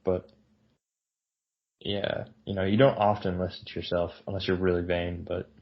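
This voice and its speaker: Guy cohosting a podcast, kinda low voice, goofy and self-deprecating, sounds a bit dull and lo-fi. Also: normal speed. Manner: animated, jokey, self-deprecating. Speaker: podcast co-host. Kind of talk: casual chat.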